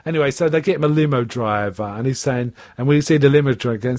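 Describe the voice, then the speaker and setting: A man chatting casually about a TV episode and slipping into high, lively voices for the people in it. His voice sits in a middle pitch and sounds close and dry, as if he is recording in a small treated room. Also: fast, hardly any pauses, dry recording. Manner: animated retelling, pitching up for quoted characters. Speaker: podcast host. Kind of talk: casual chat recapping a TV episode.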